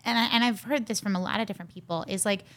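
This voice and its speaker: A woman's voice: mid-range voice, very fast. A woman co-hosting a podcast, chatting eagerly with her guest and using many filler words. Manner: enthusiastic, many likes and fillers. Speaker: podcast co-host. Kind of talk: casual interview chat.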